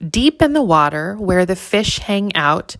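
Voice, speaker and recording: A woman reading a rhyming children's picture book aloud, with a warm, rhythmic delivery. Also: fairly low pitch, big pitch swings, a little slow, no echo. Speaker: volunteer story reader.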